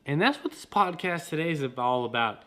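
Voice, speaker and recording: A man hosting a motivational podcast, talking in an energetic, slangy way and repeating his points. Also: on the high side, fairly quick. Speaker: podcast host.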